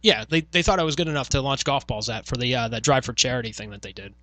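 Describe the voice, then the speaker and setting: Fast-talking, swearing New man. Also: mid-range voice, sharp tone, no room sound. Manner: profane storytelling, acts out quoted exchanges. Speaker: podcast host, former radio worker. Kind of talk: casual chat.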